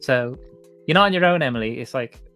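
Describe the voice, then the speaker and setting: A man in casual chat as a co-host, cheeky and animated, giggling often. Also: mid-range voice, brisk, soft background music.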